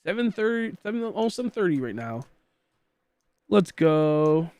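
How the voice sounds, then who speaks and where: A man's voice: high-pitched, sing-song, normal speed, a little mellow, smooth, no room sound. A young man from Michigan chatting casually as a streamer while gaming, rambling and goofy, full of filler words.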